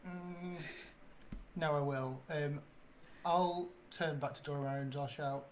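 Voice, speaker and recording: A tabletop player with a mid-pitched voice, speaking in a giggly, unsure way and peppering the talk with ums. A faint hiss runs behind the voice. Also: steady tone, slow, poor audio. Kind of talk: casual tabletop play.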